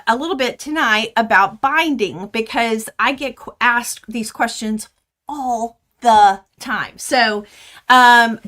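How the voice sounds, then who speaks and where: Bright-voiced chatty woman host. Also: a little high. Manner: chatty, rambling, full of fillers and restarts. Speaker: quilting livestream host. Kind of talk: casual livestream chat. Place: home.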